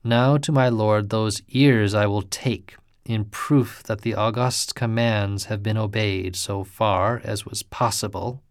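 A man voicing a grim, gruff male ghost warrior who calls out savagely and mutters in a deep voice. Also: steady tone, slow pace, few pauses, no echo, clean studio sound. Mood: grumbling. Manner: calling out harshly, then muttering.

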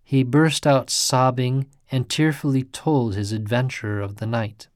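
A man giving a measured, deliberate scripted narration of a ghost tale. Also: medium pitch, flat delivery, darkish tone, no echo, studio quality.

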